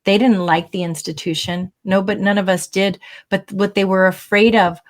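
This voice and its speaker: A middle-aged woman from California, telling a personal family story as an interview guest, earnest and emotional, with many pauses and fillers. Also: mid-range voice, fairly even intonation.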